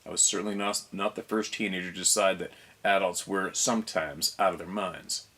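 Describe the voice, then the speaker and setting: Deep voiced guy reading a creepy story aloud, takes his time, fixes his own slips. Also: fairly even intonation, bright, forceful tone, slightly rough. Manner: unhurried, pauses to reread and fix slips.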